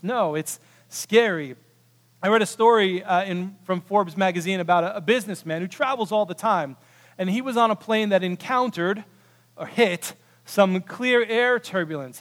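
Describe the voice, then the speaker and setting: A man preaching a sermon, telling a story with animated quoted voices, swinging from loud bursts to hushed, quiet moments. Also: high voice. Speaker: pastor. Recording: long hall reverb.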